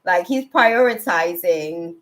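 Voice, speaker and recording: A woman with a slightly low voice gives a tarot reading on a live stream. She chats casually with her viewers and laughs often. Her delivery stays lively and animated. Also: slow pace.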